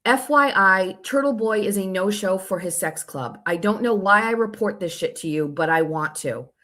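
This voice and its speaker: A woman's voice: medium pitch, lively intonation, moderate pace, bright, forceful tone. A woman hosting her own show, telling a long story in a casual, sarcastic and profane way while reading out text messages. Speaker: show host.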